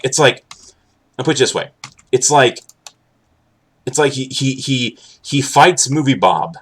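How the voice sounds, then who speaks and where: A young man chatting casually while live streaming, rambling and halting with many restarts and an occasional sarcastic aside. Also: medium pitch, a bit bright. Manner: candid, sarcastic at times.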